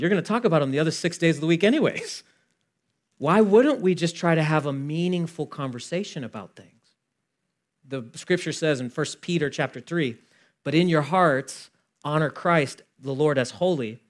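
Young male pastor, fairly high voice, conversational preaching, animated, loud peaks and quiet asides. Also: moderate pace. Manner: animated and conversational, acting out dialogue, swinging from loud to hushed. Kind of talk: sermon.

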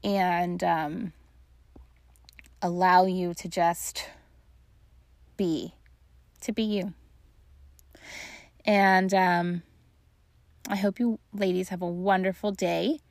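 Gravelly-voiced woman hosting a grief podcast. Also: lowish voice, steady tone, extremely slow, pauses often, no room sound. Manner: warm, reassuring, talking directly to listeners; casual with frequent fillers. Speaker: podcast host and grief coach. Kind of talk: solo podcast monologue.

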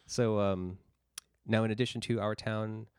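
Low-voiced man, rambling. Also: fairly even intonation, unhurried, clear, resonant tone, dry recording, clean studio sound. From Rhode Island. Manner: rambling, searches for words. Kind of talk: casual chat.

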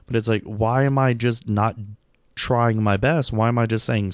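Speaking at normal speed with fairly even intonation, a middle-aged man vlogs a tired, subdued monologue reflecting on a long night. He rambles and criticizes himself, restarting often and leaning on fillers, in a mid-range voice captured in clean studio sound with no room noise.

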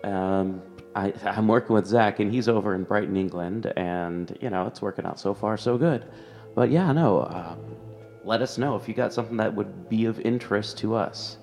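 A man's voice: lowish voice, normal speed, vocal fry, a little mellow, in a large hall, soft background music. A man hosting a podcast, giving loose, chatty announcements between segments. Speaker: podcast host. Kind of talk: casual show announcements.

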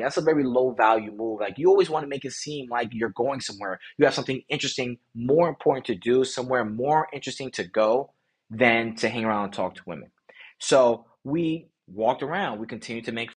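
Male podcast host, husky voice, animated casual storyteller, slangy. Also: medium pitch. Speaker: podcast host, dating coach.

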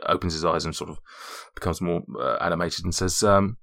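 A man's voice: low-pitched, fairly even intonation, brisk, gravelly, hardly any pauses, a bit bright. A man narrating as dungeon master in a tabletop game, often laughing.

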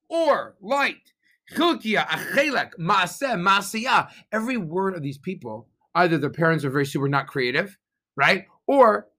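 A man, a rabbi, giving an animated sermon outdoors, often asking his listeners questions. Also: fairly high pitch.

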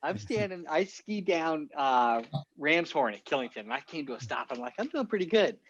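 A man's voice: fairly high pitch, big pitch swings, moderate pace, lo-fi sound. A man who coaches skiing, a podcast guest talking casually and thoughtfully, often restarting his phrases. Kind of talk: casual chat.

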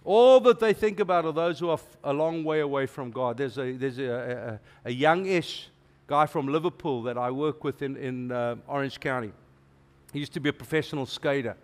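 A middle-aged man, preaching a sermon as a guest preacher in an animated, emphatic way with playful asides. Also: mid-range voice, normal speed.

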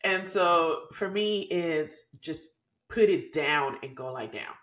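A woman's voice: low voice, slow, roomy sound. A woman co-hosting a podcast in casual chat, telling stories with frequent laughter. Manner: laughs often, animated storytelling. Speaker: podcast co-host.

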